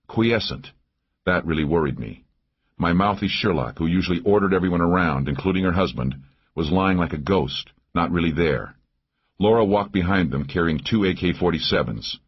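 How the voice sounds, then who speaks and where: A man narrating a first-person thriller audiobook in a measured, even way. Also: sits low, slightly rough. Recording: dull lo-fi audio.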